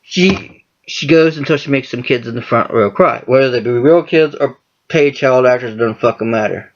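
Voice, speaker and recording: A man's voice: mid-range voice, a little fast. A man talking casually and profanely about wrestling storylines, rambling with lots of cursing. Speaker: wrestling fan commentator. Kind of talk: casual monologue. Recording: dull lo-fi recording.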